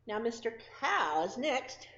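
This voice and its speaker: A woman preschool teacher leads a circle time lesson. She talks slowly and sing-song to small children. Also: fairly high pitch, big pitch swings, fairly bright tone, lo-fi sound.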